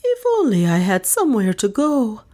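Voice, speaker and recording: A woman's voice: medium pitch, wildly swooping pitch, moderate pace, darkish tone, voice pushed up. A woman voicing a panicky maid who wails her lines. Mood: wailing. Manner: wailing.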